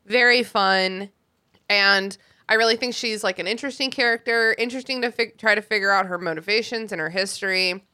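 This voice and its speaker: Bright-voiced woman podcast co-host. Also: mid-range voice, fairly quick. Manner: enthusiastic, restarts, swears casually. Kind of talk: casual book discussion.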